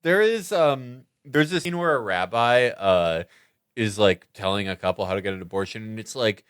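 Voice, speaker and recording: A man co-hosting a podcast, joking in a mocking, animated way. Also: on the low side, normal speed, smooth, dry recording, clean studio sound. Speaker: podcast co-host. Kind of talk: casual podcast chat.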